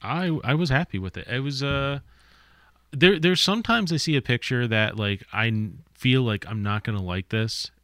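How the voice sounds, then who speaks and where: A man's voice: mid-range voice, expressive, normal speed, fairly bright tone, no echo, studio quality. A man co-hosting a podcast, reviewing a movie casually with frequent stammered restarts.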